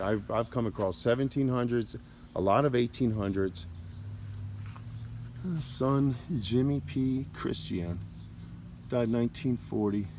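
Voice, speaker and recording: Brief: low-voiced man, loose rambling vlog narration outdoors, faint outdoor ambience behind. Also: a little mellow, a little hiss or hum. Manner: rambling, halting over names. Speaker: cemetery tour vlogger. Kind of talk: casual walking commentary. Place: outdoor cemetery.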